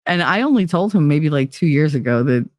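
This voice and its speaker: A woman's voice: sits low, expressive, brisk, dry recording. A woman host telling a story in a casual monologue, blunt and profane, with lots of "like". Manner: blunt and profane, heavy use of "like". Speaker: podcast host.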